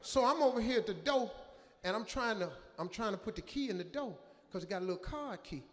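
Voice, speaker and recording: An older man doing stand-up storytelling, loud and animated, often shouting his punchlines. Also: sits high, fairly quick. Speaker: stand-up comedian. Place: comedy stage. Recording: live hall reverb, faint ambience.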